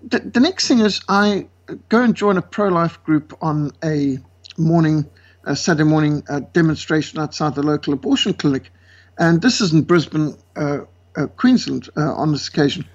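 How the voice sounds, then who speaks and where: A man from South Africa with a South African accent, a guest speaker telling lively stories and acting out the voices of the people in them. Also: fairly high pitch, normal speed. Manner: lively, acts out quoted voices. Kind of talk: animated storytelling. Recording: dull lo-fi sound.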